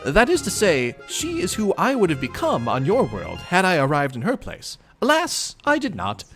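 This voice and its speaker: A man's voice: sits high, huge pitch swings, moderate pace, fairly bright tone, soft background music, voice pushed up, full character voice. A man doing a chatty know-it-all troll woman. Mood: upbeat, chatty. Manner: precise, properly enunciated, upbeat. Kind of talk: reading a webcomic aloud in voices.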